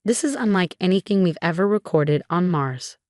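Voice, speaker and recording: A woman reading the lines of a stern male lab director in a measured, serious way. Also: on the low side, animated, darkish tone, no room sound, studio quality, close to an everyday voice.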